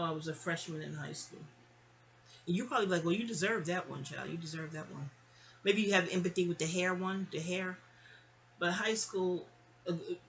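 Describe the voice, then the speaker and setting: A woman from New York tells a personal story in a bright, ringing voice. She rambles and digresses, addresses her listener directly, and slips into other people's voices when she quotes them. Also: fairly low pitch, gravelly, low-quality recording. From New York (Queens). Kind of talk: casual storytime monologue.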